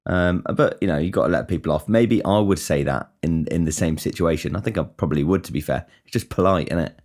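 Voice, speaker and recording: A man's voice: low-pitched, fast, a little mellow. A man hosting a casual solo podcast, rambling and swearing with many restarts. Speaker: podcast host.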